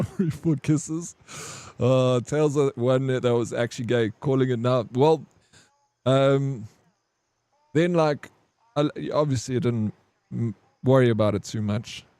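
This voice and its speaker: A man's voice: mid-range voice, warm tone, dry recording. Rambling, profane male game streamer. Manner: rambling, profane, says "bro" a lot. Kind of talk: casual storytelling over gameplay.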